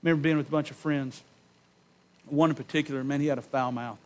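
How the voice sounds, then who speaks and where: A man preaching a sermon in a church, giving an impassioned personal testimony that swings from loud emphasis to hushed tones and slows on key words. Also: on the high side, steady tone. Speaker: pastor. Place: church sanctuary.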